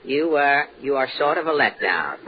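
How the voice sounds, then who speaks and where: A man hosting a 1940s radio comedy, wisecracking and halting with frequent uhs before a studio audience. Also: mid-range voice, big pitch swings. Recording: dull old radio broadcast with hiss and live audience.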